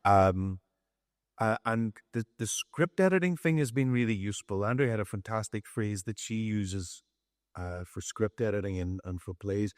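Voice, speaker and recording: Low-voiced Northern Irish man, dry close sound. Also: normal speed, no room sound. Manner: relaxed, storytelling, self-deprecating. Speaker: songwriter guest. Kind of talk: on-stage conversation.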